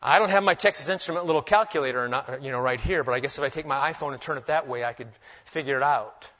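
A man preaching a sermon, swinging between loud emphasis and hushed, humorous asides. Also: mid-range voice, quick pace. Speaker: pastor. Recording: dull lo-fi recording.

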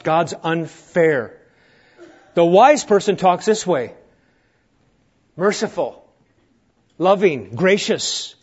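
A man's voice: high-pitched, slightly rough. Earnest preaching man, dull lo-fi sound. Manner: earnest, rising to emphatic then dropping quiet and slow. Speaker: pastor. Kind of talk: sermon. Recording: dull lo-fi recording.

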